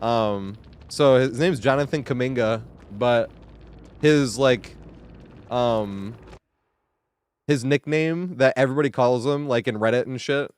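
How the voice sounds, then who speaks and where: A man's voice: medium pitch, a little slow, clean tone. A man in his thirties, originally from the New York area, chatting casually on a live stream, rambling, laughing often and swearing freely. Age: 30s.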